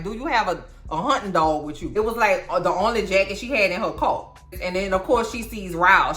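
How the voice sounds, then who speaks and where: A woman giving a casual, sassy movie recap, slangy and animated as she tells the story. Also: mid-range voice, roomy sound. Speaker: YouTube film recapper.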